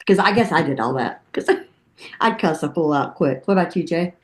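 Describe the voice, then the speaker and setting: A woman hosting a casual interview, chatting easily and tossing in quick affirmations. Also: sits low, expressive. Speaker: interview host.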